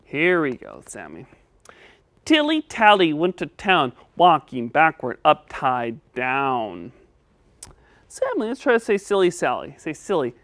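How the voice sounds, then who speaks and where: A man's voice: fairly high pitch, wildly swooping pitch, a little slow, fairly bright tone, no echo. Patient man coaching a puppet. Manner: patient and encouraging. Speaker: host. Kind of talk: children's speech lesson with a puppet.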